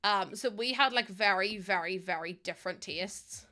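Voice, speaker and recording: A young woman chatting casually to her stream, full of "like" and quick laughs. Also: mid-range voice, pushed and bright. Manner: chatty, laughs often, lots of "like".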